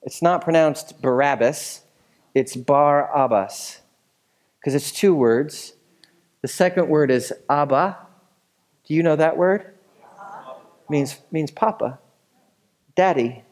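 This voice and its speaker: A man's voice: on the high side, takes it slowly, long pauses, a little mellow. A man preaching a sermon as a pastor, teaching in a casual, conversational way with asides and questions to the congregation.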